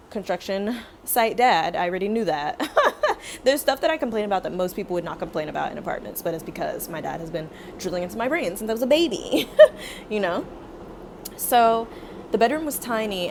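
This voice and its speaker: A young woman vlogger chatting casually as she tells a story, acting out quotes with lively, dramatic flair. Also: medium pitch, slight background noise. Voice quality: animated, dramatic retelling with acted-out quotes.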